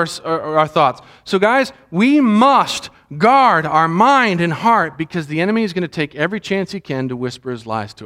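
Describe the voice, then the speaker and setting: A man's voice: high voice, fairly bright tone. A middle-aged man preaching a sermon as a pastor, earnest and conversational, with asides to his audience.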